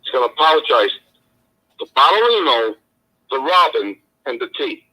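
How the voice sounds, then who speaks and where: A man's voice: mid-range voice, very animated, normal speed, bright, forceful tone, rough recording. A man co-hosting a casual live chat stream, telling stories in a tough-guy mobster manner. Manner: tough-guy mob banter, storytelling.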